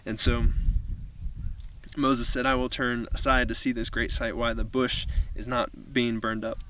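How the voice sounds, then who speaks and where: A man's voice: medium pitch, flat delivery, measured pace, recorded from a distance, noisy background. Man preaching casually on a mountaintop. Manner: casual, conversational preaching with fillers. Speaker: youth pastor. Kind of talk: outdoor sermon. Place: outdoors on a mountaintop.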